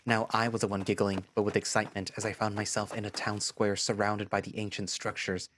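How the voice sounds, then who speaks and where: A man narrating a first-person story in a lively storytelling manner. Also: fairly low pitch, brisk, a little hiss or hum. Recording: music playing behind.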